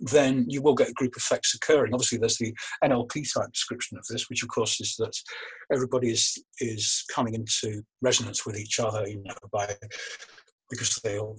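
A man's voice: mid-range voice, husky, low-quality recording. A man, a magician and breathwork coach, explaining his practice in a thoughtful interview over a video call, often restarting his phrases. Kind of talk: relaxed explanatory interview talk. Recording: remote call audio.

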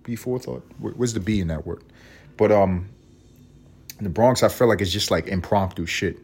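A man's voice: low-pitched, moderate pace, a little mellow, breathy edge. A man hosting a podcast, talking in a rambling, profane, wry comedic monologue. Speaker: podcast host.

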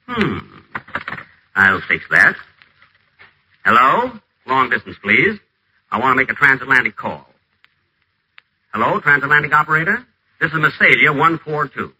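A man's voice: mid-range voice, a little hiss or hum, rough recording. An actor playing a pompous, acid-tongued man who schemes from a wheelchair, in theatrical 1940s radio acting. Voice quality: sharp, theatrical, imperious delivery. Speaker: acerbic radio celebrity stuck in a wheelchair.

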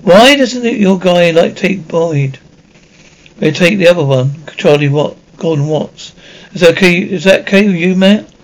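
An actor playing a brisk, terse police detective, speaking in clipped, dry questions in a TV crime drama. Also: male voice, high-pitched, natural voice, rough recording.

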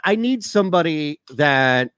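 A man's voice: a little high, measured pace, smooth, no room sound. Rambling male sports-talk co-host, dry sound. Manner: rambling, animated storyteller.

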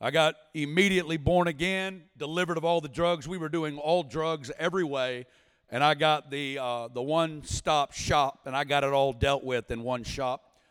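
A man in his forties from Arkansas delivers his testimony as a guest preacher, telling it with energy and storytelling flair and sometimes shouting. His slightly high voice is clear and resonant at a normal speed, echoing long through the big sanctuary.

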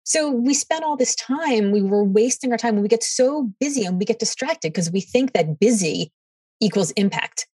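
A middle-aged woman, a podcast guest, answering in an animated way and acting out what others said to her. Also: fairly high pitch, normal speed, husky, dry recording, recorded from a distance. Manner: animated, quotes others in dialogue. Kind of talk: storytelling interview answers.

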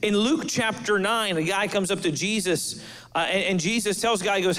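A man with a high voice preaching a sermon. He sets his points apart with emphatic pauses and lets his pace swing between slow and quick as he talks to his church. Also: fairly bright tone. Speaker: pastor.

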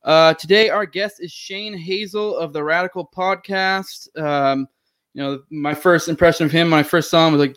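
A man's voice: on the high side, moderate pace, fairly bright tone. A man hosting a casual podcast, rambling and profane, with frequent giggles. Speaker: podcast host.

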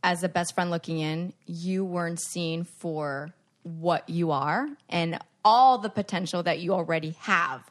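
A woman's voice: on the low side, unhurried. A woman guest in a casual chat, talking as a supportive and teasing best friend.

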